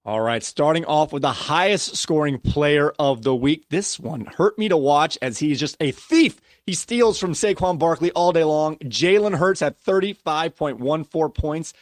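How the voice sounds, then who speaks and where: A man's voice: fairly high pitch, lively intonation, measured pace, few pauses, dry recording, studio quality. A man hosting a casual fantasy football podcast, ranting and laughing at himself as he runs through player stats. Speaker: podcast host.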